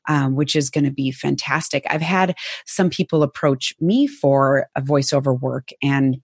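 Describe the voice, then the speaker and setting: A woman's voice: very deep voice, moderate pace, husky, no room sound, studio quality. An American woman hosting a podcast interview, enthusiastic and affirming toward her guest. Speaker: podcast host. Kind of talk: interview conversation.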